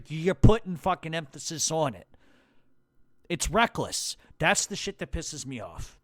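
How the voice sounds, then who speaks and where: A man's voice: a little high, lively intonation, normal speed, no echo, studio quality. A man with a New York accent hosting a podcast, delivering a blunt, heated rant full of swearing. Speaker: podcast host. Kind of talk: profane angry rant.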